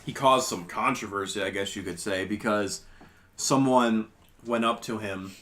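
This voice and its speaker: A man hosting a movie podcast in casual chat, excitable, laughing and swearing often. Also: lowish voice, measured pace, noisy background. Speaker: podcast host.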